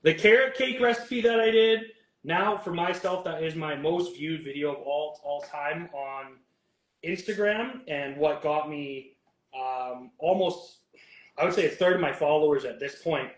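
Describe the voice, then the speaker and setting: A chatty, upbeat man with a fairly high voice talks through each cooking step as he goes. He speaks casually, as a guest chef in a kitchen. The sound bounces around an echoey room. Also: measured pace, fairly bright tone. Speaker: guest chef and bodybuilding coach. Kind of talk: casual chat while cooking.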